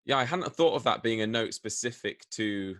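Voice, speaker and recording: A man hosting a short interview, friendly and brisk in how he talks. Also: medium pitch, animated, a bit bright, no echo, studio quality. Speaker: host.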